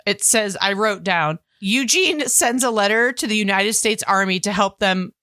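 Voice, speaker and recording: Woman, podcast co-host, casual chat, gushing and animated, bright tone, dry close sound. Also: medium pitch, normal speed, no room sound. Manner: animated and gushing, full of fillers and laughs.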